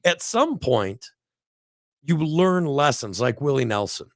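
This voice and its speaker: A man's voice: mid-range voice, big pitch swings, takes it slowly, no room sound, studio quality. A middle-aged man co-hosting a casual talk show, rambling and preachy, acting out little quotes as he goes. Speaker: podcast co-host. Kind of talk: casual motivational chat.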